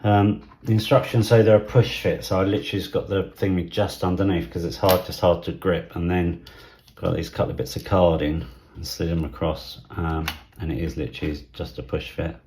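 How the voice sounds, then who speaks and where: Low gravelly middle-aged man thinking aloud. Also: steady tone, a little hiss or hum. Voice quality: soft, half-whispered at times. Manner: thinking aloud, halting with fillers. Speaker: model railway vlogger. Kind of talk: casual hobby unboxing commentary.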